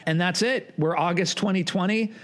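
A man's voice: high voice, normal speed. A man hosting a casual podcast chat, rambling a little, correcting himself and teasing his co-hosts as he wraps up. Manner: rambling, self-correcting, playful. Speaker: podcast host.

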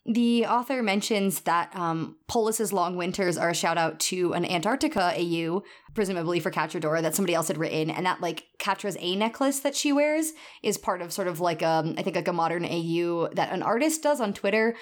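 A woman co-hosting a casual podcast chat. She talks in an animated way and slips into little voices for the lines she retells. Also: fairly low pitch, a little fast, few pauses. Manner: animated, acts out quoted lines. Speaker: podcast co-host.

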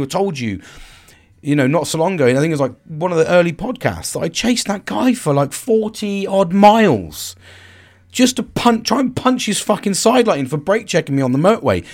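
A man with a Cockney accent hosting a podcast, talking through a personal story in a rambling, profane way with frequent restarts. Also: a little high. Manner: rambling, swears freely, restarts often. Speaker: podcast host. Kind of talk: casual personal monologue.

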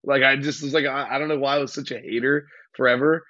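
A young man, a hardcore band singer from California, telling stories in a rambling, slangy, excitable way as a podcast guest. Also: medium pitch, fast talker, dry recording, dull audio. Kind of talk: casual interview chat.

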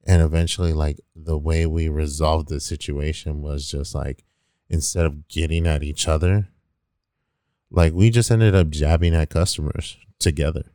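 A young man with a very deep, warm voice, smooth and resonant. He rambles through a casual story with lots of "like" fillers, recorded close and dry. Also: steady tone, normal speed, no echo. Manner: rambling, heavy use of 'like', swears casually.

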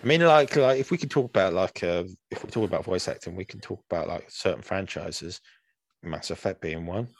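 A man with a deep, low voice co-hosts a casual podcast chat and wanders through his thoughts with lots of "um"s and restarts. He sounds close and dry, with no room around him. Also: fairly quick, gravelly, no room sound. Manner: rambling, hesitant, many fillers and restarts. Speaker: podcast co-host.

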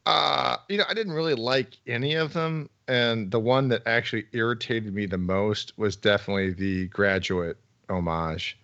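A man's voice: fairly low pitch, normal speed, vocal fry, hardly any pauses, fairly bright tone. A sarcastic man co-hosting a casual movie podcast, swearing freely as he picks films apart. His voice comes through a slightly dull, lo-fi mic. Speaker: podcast co-host.

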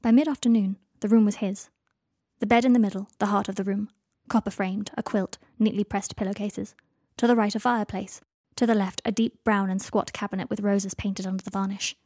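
A woman reading a fan fiction story aloud as narrator, in steady, even storytelling. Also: medium pitch, brisk, dry recording, studio quality. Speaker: audiobook narrator.

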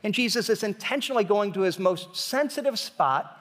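A man's voice: high voice, lively intonation, brisk, a bit bright, in a large hall. A man preaching a sermon as pastor, in a conversational style that builds to emphatic questions.

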